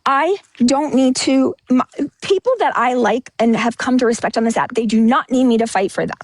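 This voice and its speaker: A woman's voice: on the high side, moderate pace, dry recording. A woman talking bluntly and emotionally on a livestream, rambling and restarting, a bit out of breath. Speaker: livestream host. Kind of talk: candid livestream monologue.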